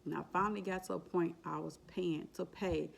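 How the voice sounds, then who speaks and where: A woman's voice: on the low side, steady tone, fairly quick, gravelly, slight background noise. A woman vlogger telling an emotional, faith-filled personal story in a casual, repetitive way. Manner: exclaims and laughs while retelling. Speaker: vlogger sharing her exam story.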